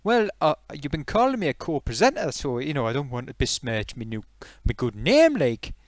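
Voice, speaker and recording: Man doing a proud, prickly Geordie potato, boastful and swinging wide in pitch. Dry close sound. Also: sing-song, moderate pace, dry recording, natural voice. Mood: needling. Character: cocky male potato from Newcastle, touchy and proud. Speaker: co-presenter. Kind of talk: comedic puppet live stream.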